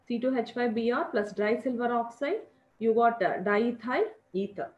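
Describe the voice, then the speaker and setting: A woman's voice: fairly high pitch, moderate pace. A middle-aged woman with an Indian English accent teaching a chemistry lesson, repeating key points and calling her students children. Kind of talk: classroom lecture. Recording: echoey lo-fi room recording.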